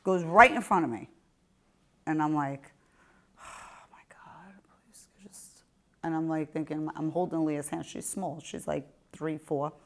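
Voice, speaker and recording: A woman with a Staten Island accent hosting a podcast, telling a story in a brash, profane, animated way. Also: low-pitched, normal speed. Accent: Staten Island New York. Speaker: podcast host. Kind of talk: casual storytelling chat.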